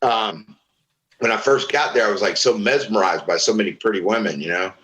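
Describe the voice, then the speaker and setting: Guest: ex-wrestler, man from Florida, lowish voice, cussing raconteur, echoey room. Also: a little fast. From Florida, USA. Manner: profane, rambling, animated retelling of old stories. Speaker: retired pro wrestler, guest. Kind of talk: casual storytelling interview.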